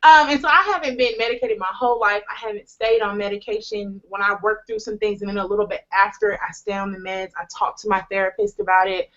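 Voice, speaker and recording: A woman's voice: medium pitch, fast talker, hardly any pauses, fairly bright tone. Brief: young woman host, earnest and candid, slangy humor, slightly muffled recording. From United States. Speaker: host sharing a personal testimony. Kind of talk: candid conversational testimony.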